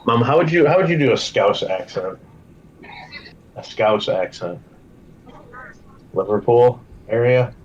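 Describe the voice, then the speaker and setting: A man playing a tabletop game from home, rambling and scattered in quick bursts. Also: mid-range voice, expressive, slight background noise. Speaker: player. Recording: slightly muffled lo-fi mic.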